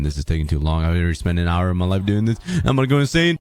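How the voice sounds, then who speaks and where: Animated young man yelping over gameplay. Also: fast talker, hardly any pauses. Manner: exasperated, swings between high yelps and low groans. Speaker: Minecraft gameplay creator. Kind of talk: energetic gameplay commentary to viewers.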